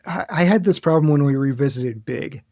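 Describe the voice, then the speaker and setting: A man guesting on a film podcast, with a gravelly voice that sits a bit high. He talks in a relaxed, reflective way. The recording is dry and close. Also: a little fast, dry recording. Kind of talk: casual film review chat.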